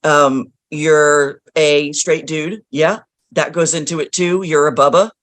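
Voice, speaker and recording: A woman's voice: deep voice, fairly even intonation, slow, no echo. A woman hosting a podcast interview, friendly and a bit teasing. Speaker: podcast host. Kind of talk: interview chat.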